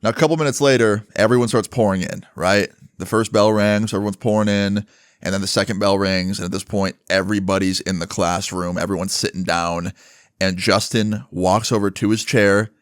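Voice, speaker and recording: A man's voice: fairly low pitch, fairly even intonation, fairly quick, clean tone, no room sound, clean studio sound. A man narrating a storytime in a casual, chatty way, swearing freely.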